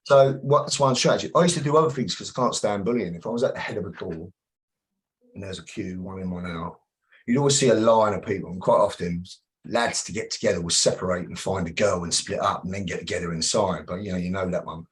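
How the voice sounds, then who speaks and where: Blunt, low-voiced man. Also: fast, poor audio. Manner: blunt, profane, acts out confrontations. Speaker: self-protection instructor, podcast guest. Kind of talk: casual interview storytelling.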